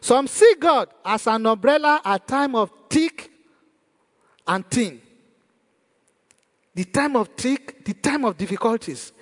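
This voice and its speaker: A man's voice: very high-pitched, expressive, slow pace, long pauses, a bit bright, in a large hall. A man preaching a sermon as pastor, asking rhetorical questions and repeating praise to the congregation.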